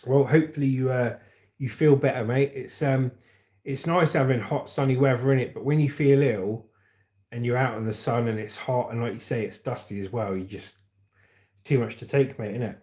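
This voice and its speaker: A man's voice: medium pitch, fairly even intonation, normal speed, a little mellow. A middle-aged man, hosting a casual livestream and chatting loosely while reading out viewer comments. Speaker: livestream host.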